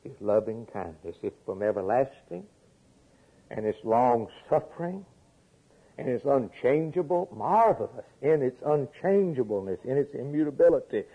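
A man preaching a sermon, repeating phrases and swinging from emphatic peaks to quiet low lines. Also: expressive, moderate pace, slightly rough. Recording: tinny phone-like lo-fi recording.

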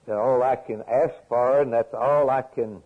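A man preaching a sermon, repeating phrases and swinging from emphatic peaks to quiet low lines. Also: fairly even intonation, normal speed, husky. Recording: tinny phone-like lo-fi recording.

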